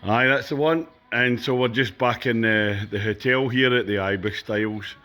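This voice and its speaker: A man's voice: medium pitch, moderate pace. A Scottish man chatting casually as a travel vlogger, touring and commenting as he goes. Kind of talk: casual travel vlog narration. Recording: music playing loudly behind.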